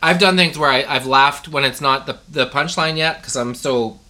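A man's voice: mid-range voice, normal speed, bright, forceful tone. A man co-hosting a podcast, chatting casually and rambling through stories. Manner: rambling storyteller, voices the joke's characters. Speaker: podcast co-host. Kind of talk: casual chat, telling a long joke.

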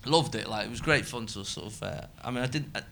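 Bright-voiced chatty comedian man. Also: mid-range voice, fast, gravelly. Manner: rambling, self-mocking, bursts of loud laughter. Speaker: comedian guest. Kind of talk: casual podcast chat.

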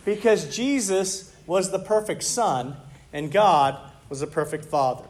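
A middle-aged man preaching a sermon as pastor, conversational and animated, full of rhetorical questions to the congregation. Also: sits high, measured pace.

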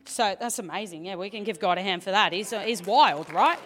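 A woman sharing a testimony at church, chatty and animated, laughing often, speaking into a handheld microphone in a large auditorium. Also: medium pitch, fairly quick, a little hiss or hum. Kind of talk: testimony from the stage. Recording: long church hall reverb.

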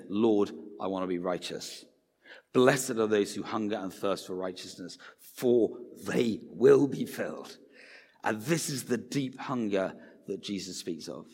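A man preaching a sermon in a conversational way, acting out the voices he quotes. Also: lowish voice. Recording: reverberant hall.

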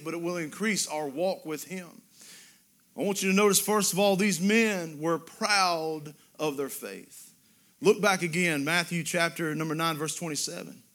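A man preaching a sermon, drawing out Bible quotes and rising to loud emphatic exclamations. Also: high voice.

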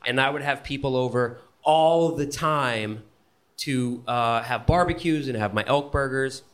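A man telling a personal story on stage at a live event, animated and profane, often laughing as he talks. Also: medium pitch, measured pace.

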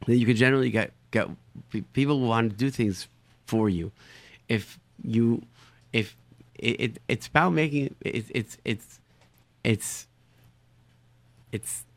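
Mid-pitched man, chatty anecdote teller, dry close recording. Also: vocal fry, dry recording. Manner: animated, repeats words while searching for phrasing. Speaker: storyteller, show guest. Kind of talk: casual anecdote telling.

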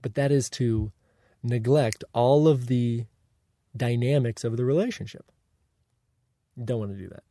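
Man, mid pitch, mellow tone, dry close-miked sound, steady instructive coaching delivery that keeps checking in with the listener. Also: no echo. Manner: deliberate, coaching, checks in with "okay?" and "right?". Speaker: self-help teacher. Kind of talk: instructive monologue.

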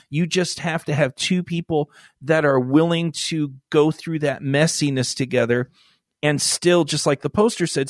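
A man's voice: fairly high pitch, no echo, studio quality. Profane, rambling male podcast co-host. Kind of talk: casual crude podcast banter.

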